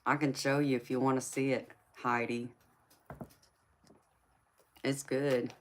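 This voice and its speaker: A woman chats casually with her livestream viewers. Her voice sits very low and she talks at an unhurried pace. She laughs often and calls people honey and sweetheart. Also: level tone, slight background noise. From United States. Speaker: livestream host.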